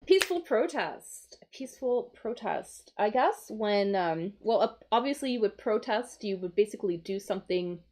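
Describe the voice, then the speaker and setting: A woman's voice: medium pitch, a little mellow, slightly rough. A woman teaching English vocabulary on a live stream, thinking aloud as she works through crossword clues. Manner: slow, explaining, thinking aloud.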